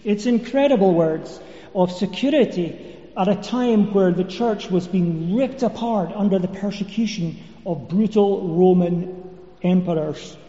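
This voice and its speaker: A man delivers an evening sermon, working through his points in a measured teaching style. His voice sits high and mellow. The sound is dull and carries a long echo, as in a church hall. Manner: measured expository preaching with fillers. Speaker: preacher.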